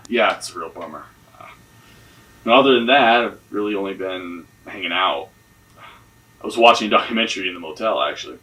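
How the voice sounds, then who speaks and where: A man's voice: deep voice, lively intonation, fairly quick, long pauses, bright, forceful tone, recorded from a distance, soft background music, rough recording. An actor playing a defensive man questioned by police in a mystery game, talking evasively and swearing. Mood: guarded. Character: defensive, guarded young man under police interrogation.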